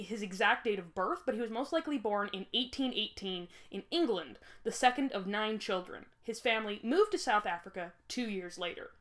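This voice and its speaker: A young woman hosting a podcast, telling a history story in a rambling, jokey way and laughing often. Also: medium pitch. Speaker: podcast host. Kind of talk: casual chat.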